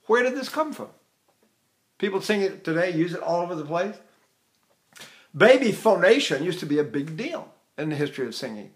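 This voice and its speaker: An older man teaching singing technique, talking in an animated way, showing vocal sounds and chuckling as he explains. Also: sits high, a little fast.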